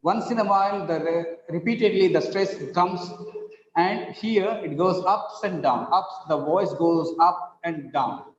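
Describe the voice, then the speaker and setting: A man's voice: high voice, a little slow, slight background noise. A man with an Indian English accent teaching an English lesson, repeating example sentences and stressing syllables. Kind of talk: classroom lecture on stress and rhythm. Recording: dull, roomy echo with long reverb.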